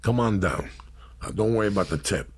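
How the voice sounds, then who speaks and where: A middle-aged man telling crude, profane stories in a brash, animated way on a talk show. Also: on the low side, a little fast, husky. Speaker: storyteller guest. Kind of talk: profane casual storytelling.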